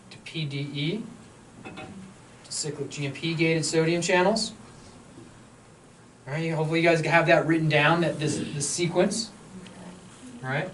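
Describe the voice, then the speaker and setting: A man's voice: a little high, fairly bright tone. Casual, joking male lecturer. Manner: casual, joking, checks in with students. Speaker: university lecturer. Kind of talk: classroom lecture. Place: lecture hall. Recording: distant mic with faint room hum.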